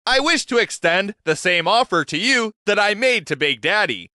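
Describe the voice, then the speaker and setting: A man's voice: sits high, sing-song, normal speed, bright, forceful tone, no echo, studio quality, pitched above the performer's own voice, heavily acted. A man voicing a courteous otherworldly male being who speaks politely but presses for an answer.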